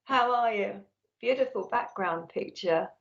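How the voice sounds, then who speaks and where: A woman's voice: a little high, measured pace, vocal fry, muffled recording. A woman working as a psychic medium, giving a live-streamed reading and talking nonstop in an effusive, chatty way.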